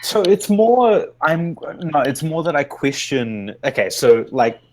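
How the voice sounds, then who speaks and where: A man's voice: fairly high pitch, sing-song, unhurried, darkish tone, slight background noise. A man with a New Zealand accent in casual discussion, thinking aloud with many hesitant restarts. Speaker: podcast co-host.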